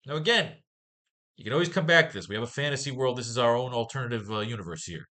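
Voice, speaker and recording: A man teaching a casual online comic-writing lesson, cursing freely and thinking out loud with enthusiasm. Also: medium pitch, animated, quick pace.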